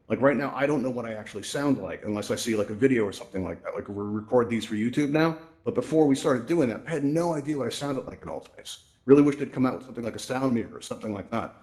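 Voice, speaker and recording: A man's voice: mid-range voice, a little mellow. A middle-aged man giving a casual tech presentation at a virtual reality event, chatty and often asking "right?", speaking into a headset microphone. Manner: chatty, acts out quoted voices, says "right?" a lot.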